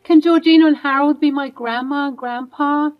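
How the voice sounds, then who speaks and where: A woman's voice: high voice, fairly even intonation, moderate pace, muffled recording, soft background music, pitched above the performer's own voice, close to an everyday voice. A woman voicing a frightened five-year-old boy who speaks in a small, pleading way. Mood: hopeful.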